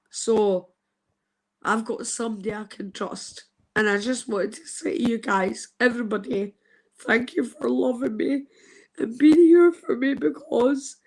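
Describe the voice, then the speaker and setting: A woman in her fifties speaks slowly and earnestly in a fairly high voice. She gives a heartfelt testimony on a live stream and drops casual swear words as she goes. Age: 50s. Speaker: guest sharing a personal testimony.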